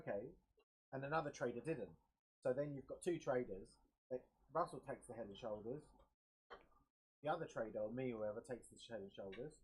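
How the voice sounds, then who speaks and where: Husky man coaching traders. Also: mid-range voice, rough recording. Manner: explains by example, reflective. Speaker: trading coach. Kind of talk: live-stream trading talk.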